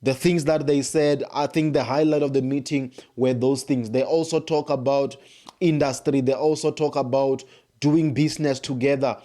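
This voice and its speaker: A South African man with a mid-range, warm voice speaks at normal speed in a steady tone. Talking to camera, he delivers an emphatic political opinion monologue, piling up rhetorical questions and repeated phrases.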